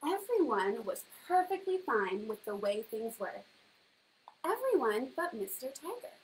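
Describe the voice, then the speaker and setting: A woman's voice: a little high, very animated, a little slow, slight background noise, low-quality recording. A young woman reading a picture book aloud to children in a teacherly way, stopping to ask them questions. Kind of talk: children's story time reading.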